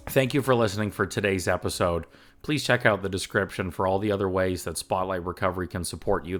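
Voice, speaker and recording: A man hosting a solo recovery podcast, talking earnestly and with emotion in an upbeat, chatty way, with laughs and fillers. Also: low-pitched. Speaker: recovery coach and podcast host.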